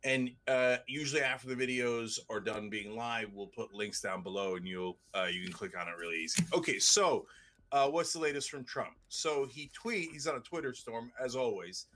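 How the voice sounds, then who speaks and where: A man hosting a political commentary show, talking in a sarcastic, mocking way and slipping into quick impressions. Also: mid-range voice, bright, forceful tone.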